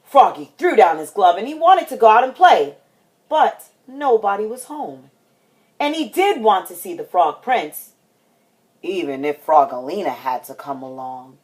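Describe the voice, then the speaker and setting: Woman, storytime host, children's book read-aloud, slow, very lively pitch. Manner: expressive, dramatic.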